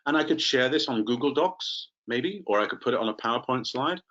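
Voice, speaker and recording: A man's voice: mid-range voice, lively intonation, fairly quick, fairly bright tone, highs cut off. A man training teachers in a live online webinar, chatty and playful, calling on participants by name.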